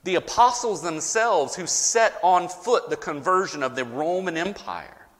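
Lively preaching man in a reverberant hall. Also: high-pitched. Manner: lively preaching with dramatic pauses and rising emphasis. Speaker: pastor. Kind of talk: sermon.

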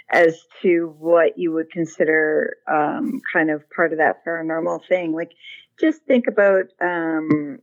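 A woman with a somewhat low voice talks through her ideas in a relaxed interview, pausing often on "um" and restarting her sentences. The audio is dull and lo-fi, with little crispness. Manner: thoughtful, many fillers and restarts. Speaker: researcher guest. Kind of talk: conversational interview answer.

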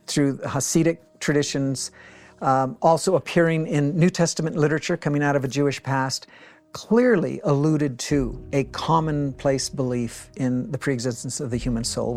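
A man speaking as a scholar in a documentary interview, measured and academic, with some fillers. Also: medium pitch, darkish tone.

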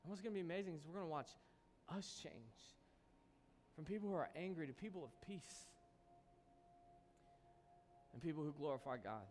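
A pastor with a fairly high, a little mellow voice speaks fairly quickly and pauses often. He tells a personal story in his sermon, then builds to an impassioned appeal to his church. The echoey church hall recording carries faint noise.

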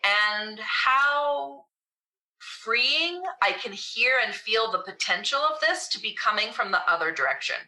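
A woman's voice: a little high, expressive, unhurried, bright, forceful tone, low-quality recording. A woman hosting a reflective conversation, thoughtful and searching for her words as she goes. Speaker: podcast host.

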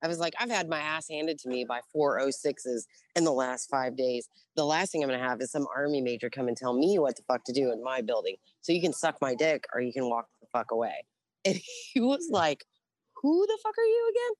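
Low-voiced profane woman telling war stories. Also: brisk, dry recording. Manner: profane, blunt, animated with quoted voices. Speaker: interview guest, Navy veteran. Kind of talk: casual storytelling.

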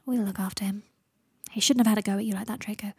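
A woman reading a fan fiction audiobook and voicing a brisk, dry but caring young woman. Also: mid-range voice, fairly even intonation, mellow, husky, no echo. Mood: soft.

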